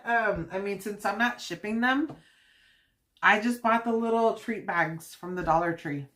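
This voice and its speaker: A woman's voice: lowish voice, a bit bright. Chatty woman livestreaming while cooking. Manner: chatty and giggly, full of fillers and quoted asides. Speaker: livestream host.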